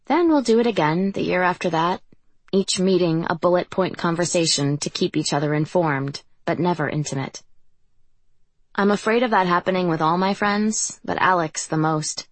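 A woman narrating a first-person audiobook in an even, reflective reading voice. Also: on the low side, normal speed, no echo.

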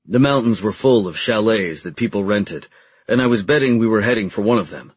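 A man's voice: on the low side, animated, brisk, slightly rough, no room sound, dull audio. A man narrating a first-person audiobook in a plain, matter-of-fact way.

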